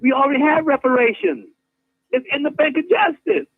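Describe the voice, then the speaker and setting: Lively preacherly man on a phone line. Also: extremely high pitch, fairly quick. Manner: preacherly, acts out scenes with many voices, laughs often. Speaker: guest activist. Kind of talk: impassioned talk-show preaching. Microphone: phone call. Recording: tinny phone line, dry.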